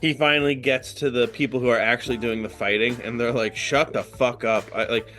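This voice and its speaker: A man's voice: mid-range voice, flat delivery, fast talker, sharp tone, faint music behind. Male podcast co-host, mid voice, joker who turns serious. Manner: joking, then earnest opinions. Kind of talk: casual movie discussion.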